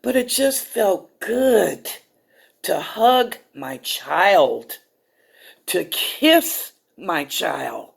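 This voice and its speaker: A woman's voice: lowish voice, very animated, extremely slow, vocal fry, slightly rough. A middle-aged woman hosting a psychic talk show, speaking in a folksy, emotional way that calls the viewers y'all, and choked up and close to tears. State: tearful, choked up.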